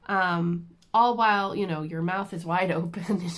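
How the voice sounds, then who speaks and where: A woman vlogger telling a personal story in a casual, animated, self-deprecating way with lots of fillers. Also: on the low side, unhurried, hardly any pauses. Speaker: crafting vlogger.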